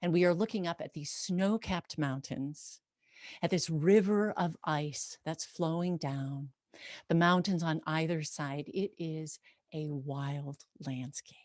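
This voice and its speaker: Woman storyteller, vivid and conversational, slightly low voice, dry close sound. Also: measured pace, a little mellow, no room sound. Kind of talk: personal storytelling.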